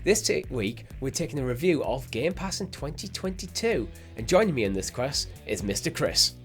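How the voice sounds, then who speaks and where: Croaky guy hosting a gaming podcast, rambly and stumbling, a bit of music behind him. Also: mid-range voice, very animated, moderate pace. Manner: rambling, self-deprecating, stumbles over intros. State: croaky from a cold. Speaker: podcast host. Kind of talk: casual gaming podcast chat.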